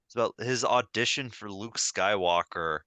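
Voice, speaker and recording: Man, podcast co-host, casual storytelling, dry close mic, clear tone. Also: on the low side, moderate pace, dry recording. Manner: relaxed storytelling with filler words. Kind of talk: casual chat.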